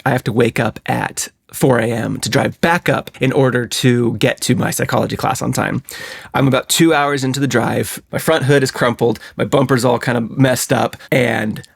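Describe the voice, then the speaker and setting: A young man with a gravelly voice tells a story on a podcast. His delivery is relaxed and matter-of-fact, and his voice sits in a middle pitch. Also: normal speed. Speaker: podcast co-host. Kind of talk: casual storytelling chat.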